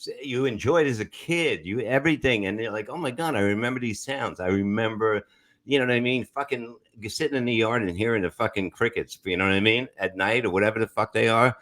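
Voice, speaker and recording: A man's voice: fairly low pitch, fairly quick, fairly bright tone. A man on a comedy podcast, rambling through casual banter, swearing constantly and repeating "you know what I mean". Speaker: podcast co-host.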